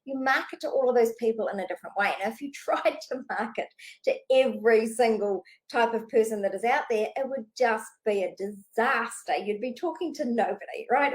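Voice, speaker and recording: A woman business coach speaking unscripted straight to camera, talking fast and animated, casual and swearing freely. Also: a little high, rough recording.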